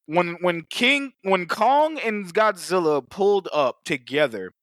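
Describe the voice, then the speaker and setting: A high-voiced man talking a movie over in a loose podcast chat, swearing freely and throwing himself into the retelling. His tone is bright and sharp, and the recording is close and dry. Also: slow pace, no echo. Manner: profane, animated, acts out monster voices. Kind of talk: casual movie review chat.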